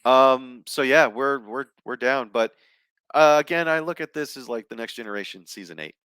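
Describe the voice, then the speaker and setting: A man's voice: mid-range voice, normal speed, a bit bright, smooth, no room sound. A man chatting loosely and enthusiastically on camera as a video reviewer, with plenty of fillers and restarts. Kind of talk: casual chat.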